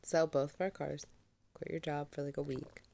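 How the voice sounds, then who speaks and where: A woman's voice: low-pitched, little pitch movement, normal speed, gravelly, warm tone. A woman co-hosting a casual podcast chat, laughing often and swearing freely, with a sore throat. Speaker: podcast co-host.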